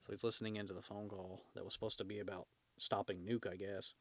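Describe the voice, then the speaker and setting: Deep-voiced man reading comics with jokes. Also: little pitch movement, fast, no echo. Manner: reads panels aloud, breaking off to joke and laugh; shifts into loud shouted character voices for dialogue. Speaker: host reading comics aloud. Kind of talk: casual comic read-along with commentary.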